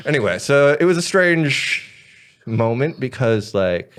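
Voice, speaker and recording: A man's voice: medium pitch, a little slow, clean tone. A man in his thirties, a podcast guest, telling wild stories in a casual, profane way, with lots of "like". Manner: animated, profane, says "like" a lot. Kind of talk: casual storytelling chat.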